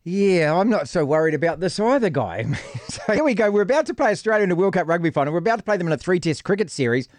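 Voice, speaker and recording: A man hosting casual sports banter, quick and teasing. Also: sits high, lively intonation, no room sound. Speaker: radio sports host.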